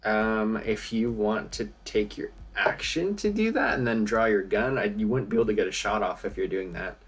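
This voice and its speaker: A man's voice: on the low side, animated, moderate pace, slightly rough. A man narrating as game master of a tabletop game, in a casual manner with fillers and laughs. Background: music.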